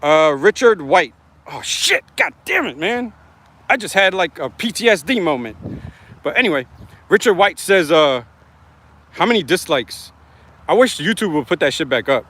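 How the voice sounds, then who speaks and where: A man's voice: on the high side, a bit bright. Rambling slangy man on a livestream. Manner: rambling, loose and slangy, reads out viewer comments. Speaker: livestream host. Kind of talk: casual live-stream chat to viewers.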